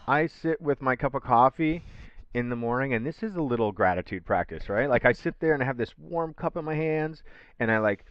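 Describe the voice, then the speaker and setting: A man co-hosting a casual podcast, easygoing and animated, talking with fillers and restarts. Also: mid-range voice, fairly quick, clean tone, no room sound, lo-fi sound. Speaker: podcast co-host.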